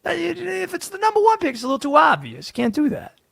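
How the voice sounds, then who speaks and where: A radio host putting on an excitable male conspiracy theorist with a showy put-on Southern US accent. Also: very high voice, fast talker, creaky, dry recording, clean studio sound, voice pushed up, full character voice. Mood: insistent. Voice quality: drawling, showy, rising and falling wildly. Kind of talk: comic put-on voice on sports talk radio.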